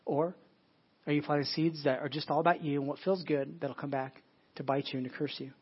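A man's voice: fairly high pitch, fairly even intonation, a little fast, breathy edge. A man preaching a sermon to his congregation in church, often repeating words and restarting. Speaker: pastor. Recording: dull lo-fi sermon audio.

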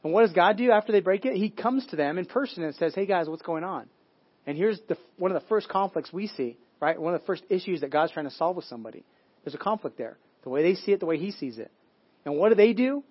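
A man's voice: high-pitched, expressive, fast, husky, highs cut off. A man preaching a sermon as pastor, telling a story in a conversational way with frequent restarts and repeated words.

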